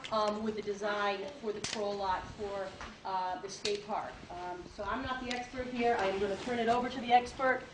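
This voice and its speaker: A woman's voice: mid-range voice, fairly even intonation, moderate pace. A woman who works as a town parks director, introducing a speaker at a public meeting in a hesitant way with many fillers. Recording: echoey, distant, noisy meeting room.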